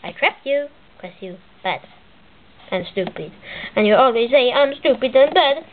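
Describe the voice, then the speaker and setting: A woman's voice: high voice, normal speed. A woman voicing a childish, spiteful male plumber who plots against his brother, speaking broken English over a tinny, hissy line. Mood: gleeful. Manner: broken English, excitable narration of a toy skit. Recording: tinny lo-fi with loud hiss.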